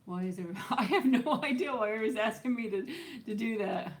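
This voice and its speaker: A woman's voice: a little high, fast. A middle-aged woman chatting on a live stream, rambling through viewer questions and laughing often. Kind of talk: casual live-stream chat.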